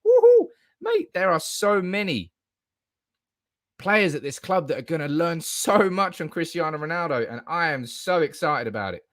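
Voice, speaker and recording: A young man hosting a fan channel live stream, excitable and hyped-up, reacting with bursts of enthusiasm. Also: a little high, moderate pace, no echo, clean studio sound. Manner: excitable, hyped-up, calls viewers baby.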